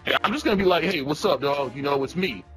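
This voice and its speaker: A man with a highish voice talks fast over soft background music, playing a crude, pushy young troll in an online voice chat. He's a cheeky prank caller, brash and teasing, badgering people with slangy chat-room banter in a lively sing-song delivery, all as a comedic trolling role-play.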